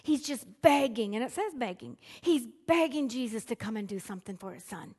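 A woman preaching a Bible teaching, dramatic and deliberate, acting out the people in the story and dropping to near whispers. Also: fairly high pitch, expressive, a little mellow, slightly rough. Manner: dramatic, acts out quoted voices. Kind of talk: sermon.

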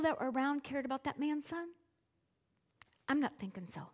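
A woman preaching a Bible teaching, dramatic and deliberate, acting out the people in the story and dropping to near whispers. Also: high voice, animated. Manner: dramatic, acts out quoted voices. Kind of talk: sermon.

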